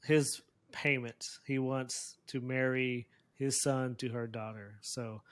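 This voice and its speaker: A man's voice: medium pitch, steady tone, takes it slowly, a bit bright. Guy chatting about a tv episode, rambling, lots of restarts and laughs, regular middle voice. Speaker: co-host reviewing a TV episode. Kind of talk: casual chat.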